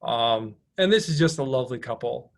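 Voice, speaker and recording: A man's voice: medium pitch, expressive, normal speed, vocal fry. A man presenting a slideshow to an audience in a meeting room, chatty and rambling, with many restarts. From United States. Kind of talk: informal slideshow talk.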